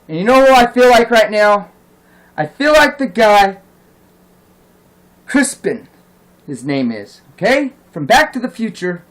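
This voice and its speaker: A man's voice: high-pitched, very animated, a little slow, pauses often, rough recording. A man delivering a heated, profane rant as a vlogger, indignant and insistent. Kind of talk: angry ranting monologue.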